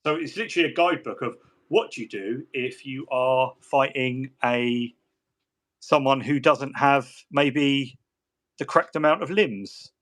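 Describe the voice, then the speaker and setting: A man's voice: medium pitch, a little slow, fairly bright tone. A man hosting a hobby chat, rambling and joking with lots of restarts and asides as he works at his desk. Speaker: hobby stream host. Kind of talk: casual chat while model painting.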